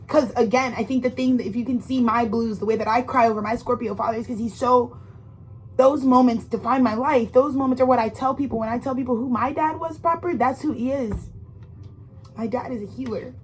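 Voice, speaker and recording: A woman gives a casual tarot reading, addressing the listener directly and intimately in a rambling, emphatic, profane style packed with slang and restarts. Her voice is on the high side, steady, and fairly quick, on a rough recording with slight background noise.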